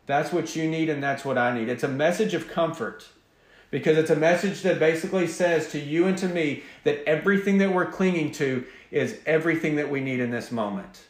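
A man preaching as a pastor, earnest and emphatic, opening with a quiet prayer. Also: on the high side, brisk, reverberant. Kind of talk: sermon.

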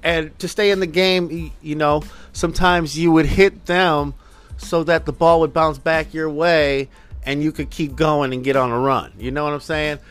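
A man's voice: on the high side, fairly even intonation, normal speed, smooth, soft background music. A man from Minnesota hosting a casual solo podcast, talking in a loose, profane, rambling way. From Minnesota, US Midwest. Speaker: podcast host.

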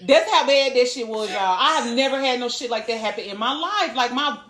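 A woman in her thirties co-hosting a podcast, chatting casually and telling animated stories with lots of swearing. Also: fairly high pitch, brisk. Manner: animated storytelling, swearing freely. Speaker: podcast co-host. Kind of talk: casual chat. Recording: echoey room.

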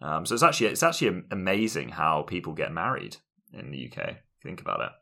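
Deep-voiced English man, dry wit. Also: very animated, fast, gravelly, pushed and bright. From England. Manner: dry, ironic, mimics others in sudden high voices. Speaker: podcast co-host. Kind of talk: casual chat.

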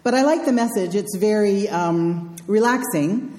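A woman minister delivers a conversational sermon, dropping dry, wry asides as she goes. Her voice is mellow and relaxed. The sound rings out with the long echo of a large sanctuary. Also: mid-range voice, measured pace. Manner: wry, dryly humorous asides. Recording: echoey hall sound.

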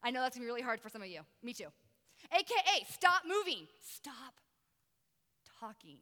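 A woman youth pastor giving a lively, conversational sermon with emphatic pauses. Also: on the high side, long reverb tail.

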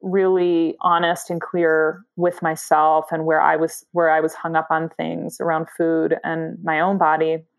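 Woman, psychotherapist guest, reflective, lower voice, searching for words. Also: little pitch movement, a little slow, few pauses. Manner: thoughtful, searching for words, soft laughs. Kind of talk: reflective interview answer.

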